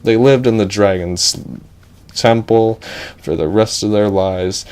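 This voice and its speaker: Slow rambling young male storyteller. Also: fairly low pitch, darkish tone, clear, resonant tone. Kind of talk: improvised comic storytelling.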